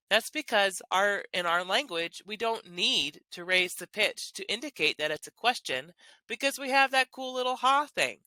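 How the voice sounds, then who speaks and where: A woman's voice: on the low side, animated, measured pace, bright, forceful tone, no room sound. A woman teaching a language lesson, explaining grammar in an upbeat, enthusiastic way. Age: adult with children.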